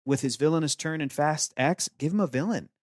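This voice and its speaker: Casual jokey podcast guy, restarts a lot, bit higher pitched, dry sound. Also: a little fast, no room sound. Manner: animated, jokey, restarts and repeats himself. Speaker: podcast co-host. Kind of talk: casual chat.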